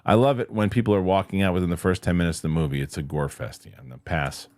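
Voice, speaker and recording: A man hosting a casual live stream, reading viewer comments aloud in an animated, chatty way and laughing easily. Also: low-pitched, quick pace, dry recording, studio quality. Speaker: show host.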